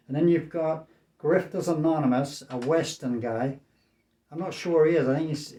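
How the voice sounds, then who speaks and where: A man's voice: on the high side, fairly even intonation, normal speed, mellow, echoey room. A man in his sixties from the United States, rambling in a casual vlog commentary, repeating his points and tagging lines with "okay?". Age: 60s. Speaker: vlogger. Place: small room in his apartment.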